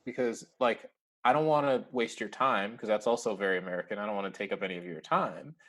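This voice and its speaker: A man's voice: lowish voice, fast talker, fairly bright tone. A man talking as a podcast guest in a casual interview, chatty and laughing often as he acts out bits of dialogue.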